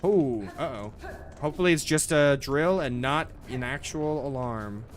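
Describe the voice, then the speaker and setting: A man's voice: mid-range voice, measured pace. A young man streaming a game, rambling casually with lots of swearing, restarts and "bro". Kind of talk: casual gameplay commentary.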